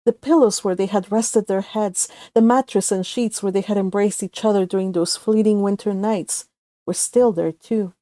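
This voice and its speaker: A woman reading her own romantic story aloud, soft and emotive, now and then correcting herself mid-line. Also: medium pitch, steady tone, normal speed, no echo. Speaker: fanfic author and reader. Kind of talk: storytelling narration.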